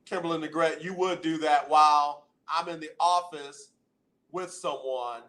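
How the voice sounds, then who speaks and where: A man hosting a casual radio talk show, animated as he banters with listeners and callers. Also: on the high side, unhurried, roomy sound, rough recording. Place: radio studio.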